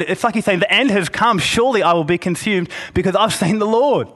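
A man preaching a sermon, earnest, slowing down to press each point and reading passages aloud. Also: sits high, a bit bright. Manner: earnest, slows for emphasis and reads scripture aloud.

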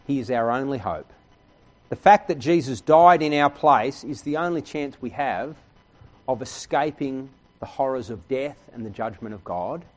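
Male pastor, middle-pitched, earnest conversational preacher who keeps checking in with his congregation. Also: lively intonation, moderate pace. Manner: earnest, conversational preaching with frequent "right?" asides. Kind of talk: sermon.

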